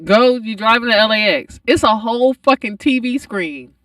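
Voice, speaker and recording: A man's voice: high-pitched, lively intonation, normal speed, pushed and bright, no echo. A man co-hosting a comedy podcast, joking and ranting with frequent laughter, recorded from a distant mic. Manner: laughs often, joking rants. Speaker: podcast co-host. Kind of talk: casual comedic chat. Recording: distant mic in a dry room.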